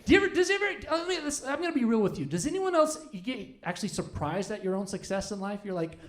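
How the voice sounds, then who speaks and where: A stand-up comedian in his forties works the room from a club stage. He is a man who rambles and restarts, makes fun of himself, and his pitch swings up and down. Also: big pitch swings, quick pace. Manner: rambling, self-deprecating, many restarts.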